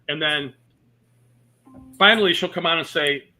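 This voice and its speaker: A comedian telling personal stories in a casual interview, mixing jokes and fillers. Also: male voice, on the high side, normal speed, long pauses, sharp tone. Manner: storytelling with jokes and many fillers. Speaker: comedian guest.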